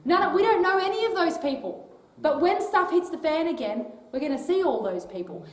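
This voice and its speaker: Her voice is very high, with lively intonation and a slightly fast pace. An Australian touring speaker, she gives a chatty, casual talk to a live audience in an old library hall indoors, checking in with "right?" often, heard distantly through the hall's echo.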